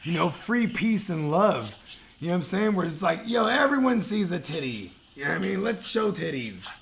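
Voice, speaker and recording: A man from Northern California hosts a loose podcast chat. His voice sits high and gravelly and swings widely in pitch. He jokes loudly over a faint hiss. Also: lively intonation, fairly quick. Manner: loud, joking, laughs often. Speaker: podcast host.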